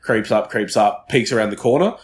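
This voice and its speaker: A man's voice: fairly low pitch, expressive, brisk. A young man, co-hosting a casual podcast, telling stories with lots of swearing and laughter. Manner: swearing, laughing storyteller acting out game chatter. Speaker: podcast co-host. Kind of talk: casual chat.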